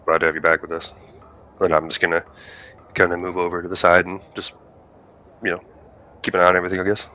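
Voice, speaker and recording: Deep, sharp-toned hesitant male player. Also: little pitch movement, dull audio. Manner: hesitant, many pauses. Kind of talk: tabletop game play, partly in character.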